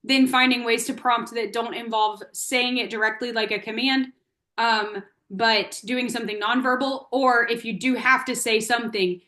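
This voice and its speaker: A woman's voice: on the high side, fairly even intonation, normal speed, bright, forceful tone. A woman occupational therapist answering questions in an online workshop, explaining with everyday examples over a video call.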